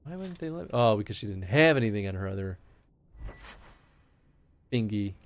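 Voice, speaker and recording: A man's voice: lowish voice, lively intonation, normal speed, a little hiss or hum. A man with a light Chicago accent streaming a game, rambling and chatting casually with lots of laughter. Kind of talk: casual live-stream chat.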